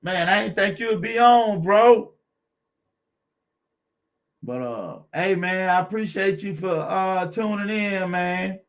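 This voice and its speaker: A man's voice: sits high, slow, long pauses. A man hosting a car channel live stream, chatting with viewers in a laid-back, encouraging way and greeting them by name.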